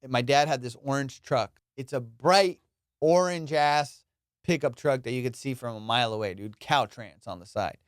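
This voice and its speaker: A man's voice: moderate pace, no room sound, clean studio sound. A young man, a comedian, telling a profane childhood story casually and acting out the voices of the people in it. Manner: profane, animated, acts out quotes with loud high jumps. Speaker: comedian podcast host.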